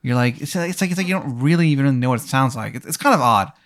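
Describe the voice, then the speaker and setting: A man's voice: mid-range voice, expressive. A man narrating as game master in a comedic role-play, rambling and swearing, with lots of fillers. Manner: rambling, profane, halting with many fillers.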